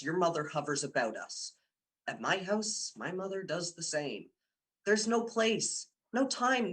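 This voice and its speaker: A man's voice: sits high, fairly bright tone, full character voice. A young man playing a persuasive male university student who coaxes and teases his girlfriend in a radio drama. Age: young adult. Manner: coaxing, teasing, insistent. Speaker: boyfriend Dick. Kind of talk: amateur radio drama acting.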